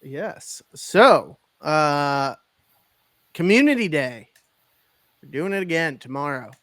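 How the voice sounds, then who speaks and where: A man's voice: fairly high pitch, lively intonation, slow, fairly bright tone, no room sound. A man co-hosting a casual podcast, announcing an upcoming community event. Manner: laughs easily, announces events plainly. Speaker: podcast co-host.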